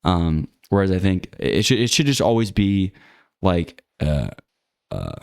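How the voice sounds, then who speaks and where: Guy with a low voice rambling his opinions, blunt, lots of likes and ums, dry close sound. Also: very animated, a little slow, gravelly, a little mellow, clean tone, no room sound. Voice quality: rambling, many fillers and restarts. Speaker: channel host. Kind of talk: casual monologue to camera.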